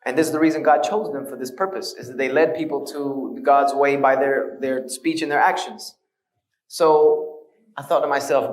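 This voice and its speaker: A man's voice: mid-range voice, steady tone, normal speed, echoey room, recorded from a distance, low-quality recording. A man giving a conversational lecture, telling his story with earnest storytelling and wry humor.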